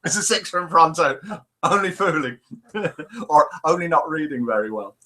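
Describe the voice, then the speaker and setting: Lively, playful male host. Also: fairly high pitch, normal speed. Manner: playful, chatty. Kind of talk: live chat show, reading jokes.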